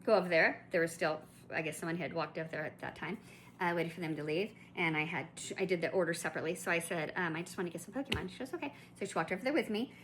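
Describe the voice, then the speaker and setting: Bright-voiced woman ranting through a story. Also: on the low side, quick pace, a little hiss or hum. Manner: chatty and indignant, with restarts and asides. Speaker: collector vlogger.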